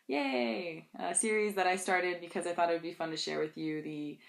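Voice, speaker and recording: A woman's voice: fairly low pitch, quick pace. Chatty young woman telling funny stories. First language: English. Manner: chatty, laughs often, animated storytelling. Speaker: vlogger. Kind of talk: casual storytelling vlog.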